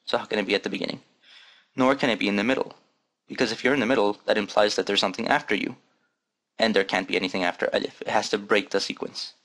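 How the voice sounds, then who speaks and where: A man's voice: fairly low pitch, steady tone, a bit bright. A man teaching an Arabic reading lesson, patiently saying each word several times and explaining it step by step. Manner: patient, repeats words slowly for drilling. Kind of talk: recorded lesson.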